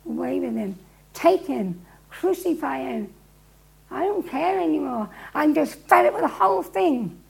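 A woman preacher voicing a weak, frightened Roman governor, a man, who speaks in a loud, mocking, raised voice. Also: very high-pitched, animated, measured pace, vocal fry, exaggerated voice. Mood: fed up.

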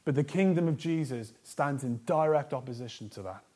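A man preaching a sermon as a pastor, earnest, stressing repeated lists and moving between a soft, low voice and loud emphasis. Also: fairly quick.

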